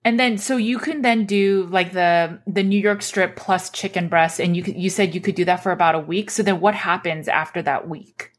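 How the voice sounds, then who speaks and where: A woman with a somewhat low voice hosts a casual interview. She asks one curious follow-up question after another. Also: normal speed, few pauses.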